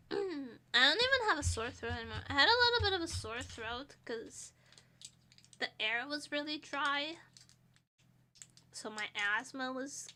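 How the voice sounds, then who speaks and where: A young woman streaming with a high voice and a nasal, sniffly sound from a stuffy nose. She talks in a loose, rambling way and pokes fun at herself. Her tone is bright and clear. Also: expressive, a little slow, long pauses. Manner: rambling, self-deprecating, laughs often. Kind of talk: casual chat.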